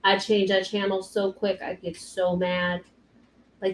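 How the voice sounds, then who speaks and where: Brief: young woman cake artist ranting on a live stream, cursing and animated. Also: medium pitch, a little slow, roomy sound. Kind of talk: casual live stream chat.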